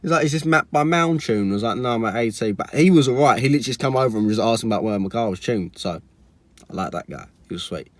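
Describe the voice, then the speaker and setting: A man's voice: lowish voice, very fast, no room sound. Exasperated young man, dry. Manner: chatty, exasperated, full of likes and restarts. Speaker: car vlogger. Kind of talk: casual storytime vlog.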